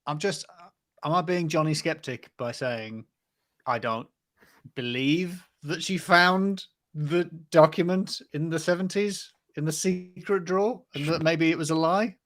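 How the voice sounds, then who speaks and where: A man's voice: a little high, unhurried, a bit bright, dry recording, clean studio sound. A man, co-hosting a live podcast with playful, skeptical banter. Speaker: podcast co-host.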